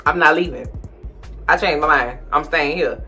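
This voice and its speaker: A woman doing a stubborn husband who will not budge. The voice is pitched lower than her usual and stays bright. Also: normal speed, slightly rough, soft background music, exaggerated voice.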